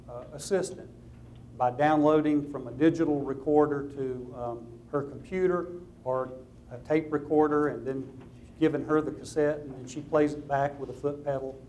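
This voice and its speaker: A man's voice: on the high side, steady tone, moderate pace, dark tone, slight background noise. Southern-drawling man giving a lecture. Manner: conversational, practical, with light anecdotes. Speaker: attorney giving a seminar talk. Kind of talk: conference presentation to lawyers.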